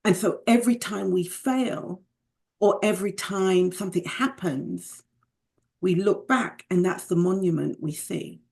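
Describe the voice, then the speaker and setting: A woman's voice: mid-range voice, measured pace, vocal fry, a little mellow. A middle-aged British woman, a guest from the United Kingdom, telling her personal story in a reflective, candid way, with remarks about faith.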